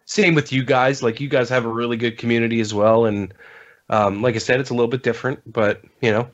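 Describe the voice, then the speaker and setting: This podcast guest is a fast talker with fairly even intonation and a middle-pitched voice. He meanders casually through gaming anecdotes, filling them with ums and restarting sentences often. The recording is dull and lo-fi.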